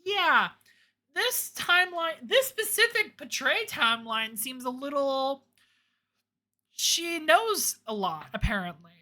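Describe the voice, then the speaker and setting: A young woman streamer giving emotional let's play commentary, moving between loud wails and low murmurs, swearing freely. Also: big pitch swings, slow pace. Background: lofi music.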